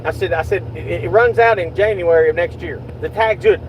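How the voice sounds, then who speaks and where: A man's voice: high-pitched, a little fast, dull audio, a little hiss or hum. Heated man venting in a car. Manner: agitated, swearing, reenacts quotes loudly. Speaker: YouTube channel host. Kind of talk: casual vlog chat in a car.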